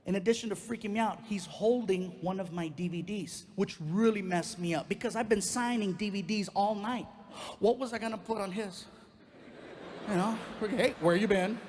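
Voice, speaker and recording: A male stand-up comedian telling a long personal story on stage, animated and acting out the other voices. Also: high-pitched, moderate pace. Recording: live hall recording with long reverb.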